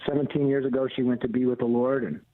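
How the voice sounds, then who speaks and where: A man's voice: mid-range voice, little pitch movement, fast talker, no room sound. Blunt middle-aged man on a tinny phone line. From United States. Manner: emphatic, blunt storyteller with a preacher's cadence. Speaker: guest, ministry leader and author. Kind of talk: personal testimony on a radio talk show. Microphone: phone call into the studio.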